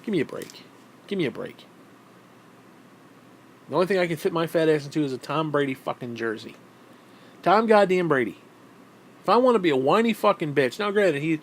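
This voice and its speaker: A man ranting profanely in a casual, animated vlog. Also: fairly high pitch, a little fast. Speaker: vlogger. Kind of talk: casual rant to camera.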